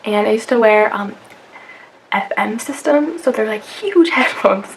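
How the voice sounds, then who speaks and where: A woman's voice: a little high, expressive, a little slow, rough recording. Young woman talking to her camera, lots of "like" and "um", bit of hiss behind. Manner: chatty, many fillers and "like". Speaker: vlogger. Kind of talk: casual talk to camera. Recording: faint background noise.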